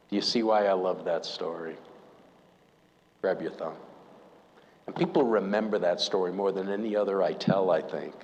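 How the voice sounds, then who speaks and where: A man's voice: sits low, normal speed, long pauses, darkish tone, a little hiss or hum. Man, pastor, storytelling sermon, questions to the congregation, long church reverb.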